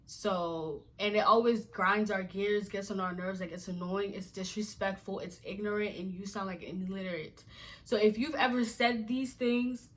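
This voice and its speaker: A woman's voice: mid-range voice, steady tone, moderate pace, fairly bright tone. A woman from Nigeria vlogging to camera, exasperated and emphatic, firing off repeated rhetorical questions. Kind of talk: casual to-camera rant.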